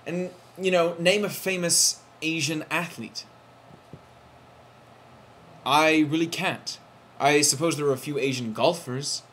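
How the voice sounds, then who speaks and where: A man ranting to the camera in a video blog, heated and outraged, with sudden loud jumps in pitch. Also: a little slow, long pauses, slight background noise. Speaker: vlogger. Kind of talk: indignant vlog rant.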